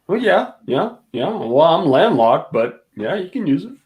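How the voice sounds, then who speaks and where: A man's voice: fairly high pitch, sing-song, unhurried, dull audio. A man from the middle of the United States in casual chat, laughing often and asking easy questions.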